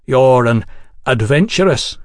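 A man's voice: mid-range voice, expressive, takes it slowly, no room sound, clean studio sound. A man voicing a persuasive male swindler who coaxes and then presses his points emphatically. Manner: coaxing, then hard and emphatic. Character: smooth-talking male street swindler, persuasive and bitter.

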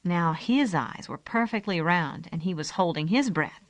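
A woman narrating a children's storybook in a calm, gentle way. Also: fairly low pitch, normal speed, dry recording. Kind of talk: storybook reading.

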